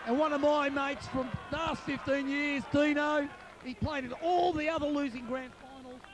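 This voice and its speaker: A hoarse Australian man commentating excitedly outdoors at a football ground, calling out players' nicknames for a home video. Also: very high-pitched, moderate pace, a crowd in the background. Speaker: club supporter narrating home video.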